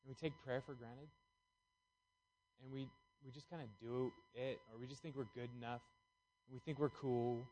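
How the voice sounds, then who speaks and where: A man's voice: medium pitch, huge pitch swings, moderate pace, long pauses, warm tone, a little hiss or hum. A man preaching a casual, playful sermon, chatty and jokey as he talks through a Bible passage. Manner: playful, chatty, acts out voices.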